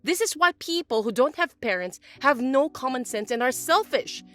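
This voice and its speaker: A woman voicing a spiteful middle-aged mother-in-law who scolds and complains loudly in an animated text story. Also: sits high, normal speed, faint music behind. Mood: complaining. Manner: accusing, loud, whiny.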